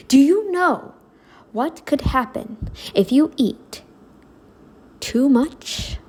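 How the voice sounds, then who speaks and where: Slow, higher-voiced indignant woman. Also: lively intonation. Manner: indignant, emphatic, talks back at the screen. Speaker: reaction video host. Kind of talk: reaction commentary.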